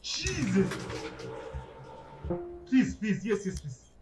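A man with a high, wildly swinging voice, talking through a horror game as he plays. He swears freely and sarcastically greets the monsters that jump at him. He speaks slowly, drawing out his words. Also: sing-song, over music, rough recording. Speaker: gaming YouTuber. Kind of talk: horror game let's play commentary.

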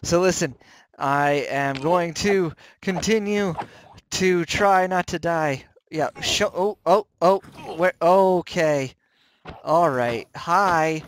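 Excitable man yelping through gameplay. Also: a little high, a little hiss or hum. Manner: excitable, jumpy reactions with frequent yelps and self-mockery. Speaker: let's play host. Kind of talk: gameplay commentary.

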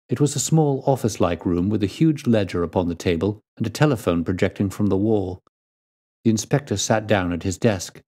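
A man reading a classic detective story aloud as storyteller, in a measured and deliberate way. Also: on the low side, lively intonation, dark tone.

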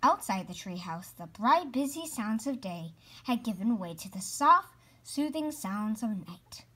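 Woman reading a picture book, slow, careful, lively pitch, hushed at quiet parts. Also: breathy edge. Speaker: storybook reader.

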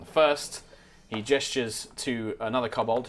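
Animated game master. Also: male voice, medium pitch, moderate pace, echoey room, soft background music. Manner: animated, laughing storyteller. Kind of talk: narrating a tabletop game.

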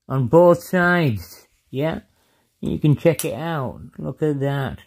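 A man's voice: a little high, expressive, darkish tone, slightly rough. A man showing off old coins in a casual vlog, chatty and filling every phrase with "mate" and "yeah". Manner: slow, drawn-out delivery. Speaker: coin collector showing coins. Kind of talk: casual show-and-tell vlog.

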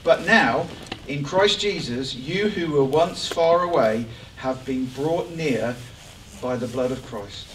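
A man preaching a lively, joking sermon to his church congregation. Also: fairly high pitch, slow, slight background noise. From England. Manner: animated, joking, rising excitement. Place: church hall. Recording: echoey church hall from far off.

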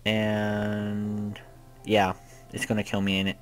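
A young man giving casual gameplay commentary, rambling and swearing, often panicking out loud. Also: lowish voice, monotone, takes it slowly, soft background music. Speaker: gaming youtuber.

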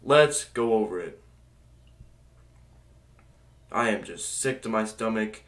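A man's voice: fairly low pitch, expressive, normal speed, a bit bright. Angry ranting man in an echoey room. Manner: angry, exasperated, swearing, sighing. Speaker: sports fan vlogger. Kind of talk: ranting fan commentary.

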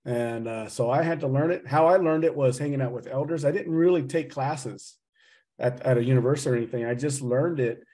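Speaking on a video call, a middle-aged Oklahoman associate professor and speaker jokes his way through a loose lecture with a slight Southern drawl. His medium-pitched voice is mellow and brisk, and his manner stays chatty and teasing.

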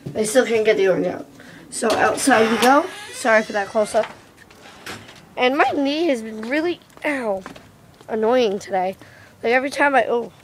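A chatty young woman with a fairly high voice, talking casually into a handheld camera for her vlog. She is giggly and swears offhandedly. A faint hiss of wind and noise sits behind her. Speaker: vlogger. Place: kitchen, then outdoors in a windy yard.

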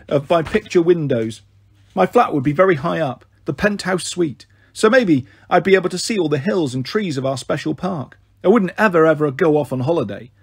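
A man reading a children's novel aloud in steady, expressive first-person narration. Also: a little high, husky, dry recording. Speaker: storyteller. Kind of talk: children's book read aloud.

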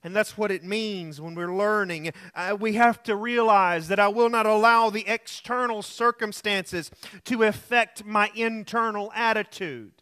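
A man's voice: sits high, steady tone, measured pace, bright, forceful tone. A male pastor preaching alone in a room, earnest and repetitive, telling anecdotes. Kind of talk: sermon.

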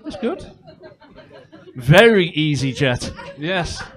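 Man, stand-up comedian, high-pitched voice, chatty, crude, lots of fillers. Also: sing-song, takes it slowly, a crowd in the background.

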